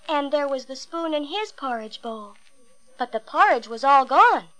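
A woman with a high voice reads a classic fairy tale aloud. Her storytelling is expressive and emphatic, pressing on the key words. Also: a little slow, rough recording.

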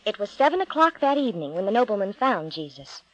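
A woman narrating a Bible storybook in a slow, expressive, deliberate reading. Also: medium pitch, no echo, dull audio.

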